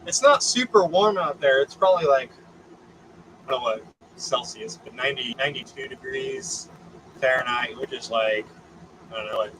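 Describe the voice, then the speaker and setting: A man's voice: mid-range voice, lively intonation, normal speed, pauses often, noisy background. A man chatting casually as a guest, laid-back and swearing freely. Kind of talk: casual chat.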